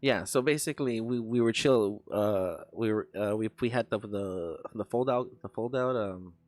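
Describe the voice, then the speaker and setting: A young man with a lowish voice rambles through a casual story while editing video, talking at a moderate pace. He swears often and keeps restarting his sentences, and there's no room sound at all.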